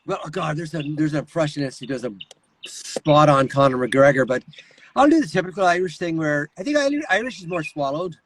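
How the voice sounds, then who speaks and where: Voice actor guy chatting on a podcast, animated, slightly high voice. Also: a little fast, a little hiss or hum, rough recording. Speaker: guest voice actor. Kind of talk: casual interview chat.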